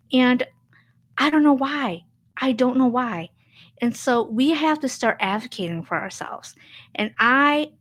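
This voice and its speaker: Emphatic woman telling a story bluntly. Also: a little high. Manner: emphatic, repeats phrases, blunt and animated. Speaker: podcast host and social worker. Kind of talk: candid personal storytelling.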